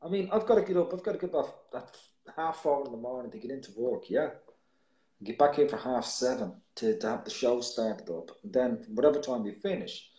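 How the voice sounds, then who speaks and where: A man's voice: medium pitch, lively intonation, fairly quick, warm tone. Chatty man hosting a live poetry show in an echoey room. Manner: rambling, repeats words, restarts often. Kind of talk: casual live-stream chat.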